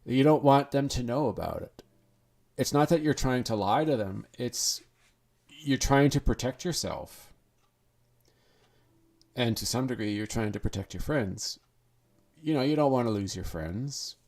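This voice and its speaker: A man's voice: medium pitch, expressive, measured pace, long pauses, a little mellow. A man hosting a podcast, talking in an earnest, rambling monologue full of restarts. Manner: earnest, rambling, with restarts and acted inner thoughts. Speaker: podcast host. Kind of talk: casual monologue.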